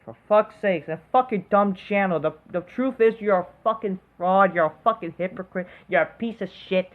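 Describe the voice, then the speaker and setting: A woman's voice: mid-range voice, normal speed, narrow, tinny audio. A woman hosting an online commentary video, delivering an angry, profane rant full of fillers, restarts and constant swearing.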